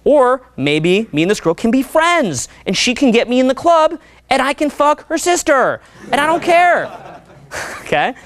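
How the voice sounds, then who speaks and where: A man giving a live seminar talk as a dating coach. He talks in a profane, energetic, chatty way and keeps checking in with the crowd. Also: very high-pitched, a little slow.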